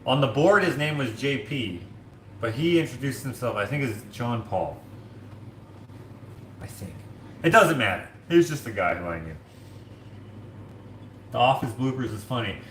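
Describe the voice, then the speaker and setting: A man's voice: medium pitch, lively intonation, normal speed, pauses often, fairly bright tone, roomy sound, slight background noise. A man hosting a casual livestream from his home kitchen, washing dishes while he reads comments and rambles, full of filler words like "like". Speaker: streamer and host.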